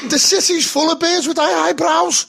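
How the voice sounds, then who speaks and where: Laughing, sweary Scouse man with a high voice. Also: steady tone, moderate pace, gravelly, crowd noise. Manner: sweary, laughs a lot while talking. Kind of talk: casual banter.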